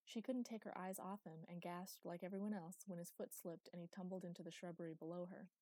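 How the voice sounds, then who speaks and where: A young woman reading a story aloud in an even, unhurried narration. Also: lowish voice, dry recording. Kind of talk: audiobook narration.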